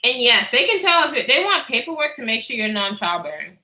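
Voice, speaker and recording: A woman in her twenties chats through a storytime for her live viewers, cursing freely and answering the chat between sentences. Her voice sits high and bright. The room around her is echoey. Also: sing-song, fairly quick. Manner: blunt, profane and chatty, answering chat as she talks.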